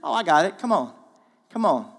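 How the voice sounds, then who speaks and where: Male guest preacher with a fairly high voice, casual and animated, recorded with a long church-hall echo. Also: moderate pace, gravelly. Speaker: guest speaker. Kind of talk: sermon. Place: church auditorium.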